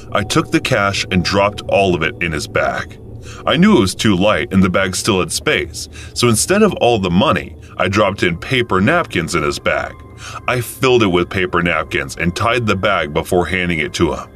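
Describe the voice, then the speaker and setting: Male narrator, very deep, lively intonation, calm first-person telling, faint music underneath. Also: moderate pace. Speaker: story narrator.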